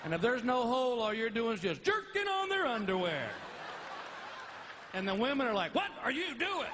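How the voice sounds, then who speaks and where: A middle-aged stand-up comedian with a drawl, telling stories with a high, lively voice that swings widely in pitch. His live concert recording carries clear audience noise from the big theater. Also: normal speed. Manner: animated storytelling with high-pitched put-on voices for wife and dog. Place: large theater stage with a laughing audience.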